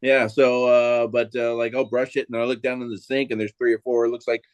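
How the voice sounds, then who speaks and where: A man's voice: medium pitch, little pitch movement, brisk, clear, resonant tone, dry recording. A man co-hosting a casual chat, rambling hesitantly with many restarts. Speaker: podcast co-host.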